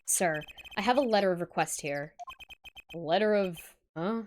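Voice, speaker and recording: A woman's voice: lowish voice, moderate pace, a little mellow, slight background noise, voice pushed down, close to an everyday voice. A woman voicing an earnest, easily flustered young male defense attorney.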